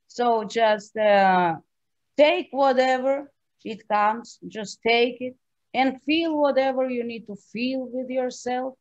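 High-pitched woman, slow and emphatic, keeps checking in with "right?". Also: lo-fi sound. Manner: emphatic, frequent "yeah?" and "right?" tags, occasional swearing. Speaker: artist and painter, guest. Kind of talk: passionate conversational interview.

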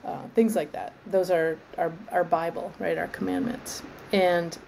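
A woman arborist trainer as an interview guest, explaining in a thoughtful, measured way and often restarting her phrases. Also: lowish voice, flat delivery, creaky, dark tone, a little hiss or hum, rough recording. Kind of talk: conversational interview.

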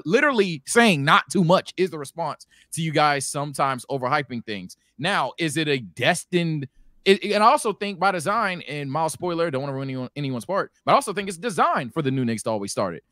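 A man co-hosting a podcast in casual, profane debate, swinging between mumbled asides and loud outbursts. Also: fairly high pitch, dry recording, clean studio sound. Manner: profane, slangy. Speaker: podcast co-host.

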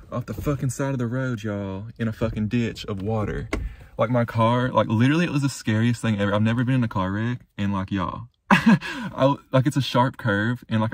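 A man's voice: medium pitch, no echo. A young man vlogging casually from his car and the snowy roadside, rambling and swearing constantly. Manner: rambling, heavy swearing, lots of "like" and "y'all". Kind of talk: casual vlog to camera. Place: car and roadside in snow, then parked truck.

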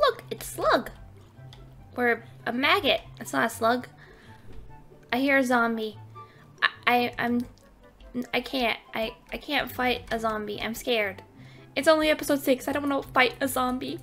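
Playful high-voiced woman gaming, unhurried. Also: fairly bright tone. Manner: playful, keeps saying oink oink oink. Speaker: gaming channel host. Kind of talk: casual Minecraft let's play commentary.

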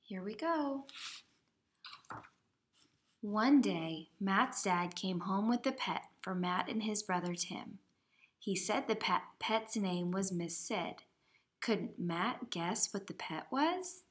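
A kindergarten teacher reads a simple story aloud to young children, sounding out words letter by letter. Her mid-range voice moves slowly with lively intonation.

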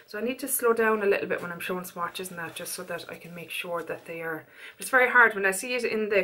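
A woman's voice: medium pitch, a bit bright. A woman, chatting casually to camera in a beauty vlog, rambling and self-deprecating. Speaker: beauty vlogger.

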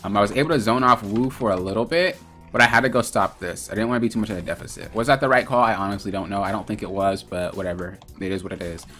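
A man's voice: lowish voice, fast talker, pushed and bright, soft background music. A man giving casual, profane commentary as a gaming coach, retelling the calls he made during a match. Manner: loose and profane, retelling his in-game calls.

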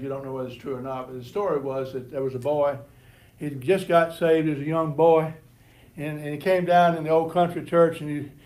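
A man's voice: on the high side, darkish tone. A man teaching a Bible lesson to a church class. He often repeats words and restarts, and says he has always stuttered. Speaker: Sunday school teacher. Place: church classroom before a group.

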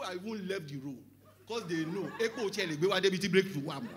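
A middle-aged Nigerian pastor with a Yoruba-tinged English accent, preaching an animated sermon, often shouting, joking and slipping into Yoruba. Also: male voice, sits high, quick pace.

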